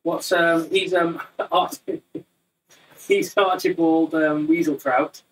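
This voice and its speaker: A man's voice: fairly high pitch, steady tone, slow, fairly bright tone, slight background noise. A man teaching an online Muay Thai class from his living room, chatty and jokey, rambling between instructions. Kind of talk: casual live online class chat. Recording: distant, slightly roomy sound.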